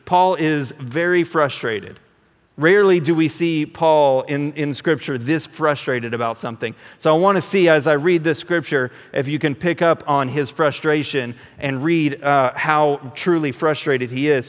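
Pastor, male, fairly high voice, casual preaching, long church reverb. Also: normal speed. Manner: conversational, animated, repeats words when restarting. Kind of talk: sermon.

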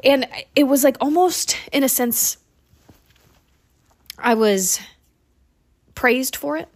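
A young woman talks through her own story on a solo podcast, her voice sitting a little high. She is candid and animated, curses without hesitation, and laughs at her own slips. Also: slow pace. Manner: candid, animated, swears freely, laughs at herself. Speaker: podcast host. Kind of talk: casual solo podcast monologue.

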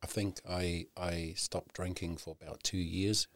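A man with a very low voice tells his own story in an earnest, unpolished way. He swears freely and keeps circling back with "you know" and false starts. The sound is dry and close, with no room around it. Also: flat delivery, measured pace, a bit bright, no echo. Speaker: guest. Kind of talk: candid personal storytelling.

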